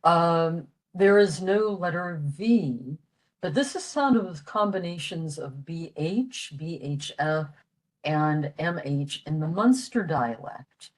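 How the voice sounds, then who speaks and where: Slow, low-voiced older woman lecturing. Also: lively intonation, low-quality recording. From western Pennsylvania, USA. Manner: patient, explanatory, with frequent fillers. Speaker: library program presenter. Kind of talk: informal language lecture.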